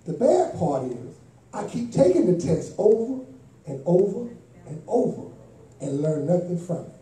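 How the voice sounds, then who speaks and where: Male preacher, very high voice, dark mellow tone, impassioned sermon, echoey church hall, distant mic. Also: very animated, unhurried. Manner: impassioned, rising to shouts, call and response. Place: church sanctuary.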